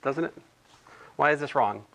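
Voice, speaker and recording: A man's voice: mid-range voice, normal speed, creaky, sharp tone. A man tutoring physics homework in a casual, thinking-aloud way, correcting himself and adding chatty asides.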